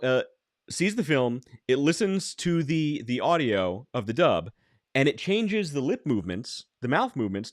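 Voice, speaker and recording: A man's voice: fairly high pitch, dry recording. A man hosting a casual podcast chat, rambling with restarts and dry jokes. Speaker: podcast host.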